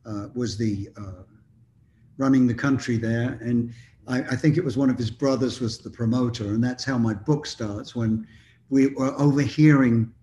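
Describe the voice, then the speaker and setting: A man's voice: mid-range voice, steady tone, normal speed, warm tone, a little hiss or hum. An older man, a musician guest, telling long anecdotes in a casual interview, rambling with frequent ums and restarts.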